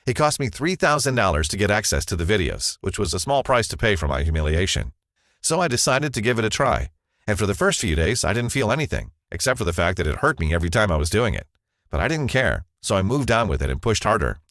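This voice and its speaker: A man's voice: fairly low pitch, sing-song, quick pace, fairly bright tone, dry recording, studio quality. A man narrating a scripted first-person advertisement as a confessional story.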